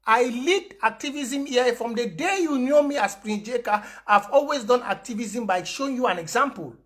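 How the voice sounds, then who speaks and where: A man's voice: very high-pitched, normal speed, a bit bright. A man from Cameroon with a Cameroonian Pidgin English accent, addressing followers on a livestream with impassioned, emphatic, repeated declarations. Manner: mixes pidgin and English with frequent fillers. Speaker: activist host of an online broadcast.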